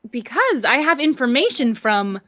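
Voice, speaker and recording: A woman's voice: sits high, sing-song, normal speed, full character voice. A woman playing a sly, wordy fox. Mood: prim. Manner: fussy, formal phrasing, often hushed. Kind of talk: stage play acting.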